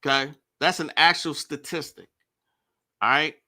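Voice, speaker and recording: A man with a bright, slightly high voice talks to his viewers at a very slow, deliberate pace. He keeps his words plain and repeats his points, often checking in with his viewers. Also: steady tone. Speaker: commentator. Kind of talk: casual commentary vlog.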